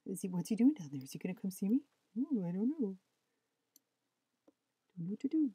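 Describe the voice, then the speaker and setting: A woman voicing her fretful female pet dog, dithering and repeating herself in a mellow voice. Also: medium pitch, very animated, brisk, breathy edge, no room sound. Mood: anxious dithering.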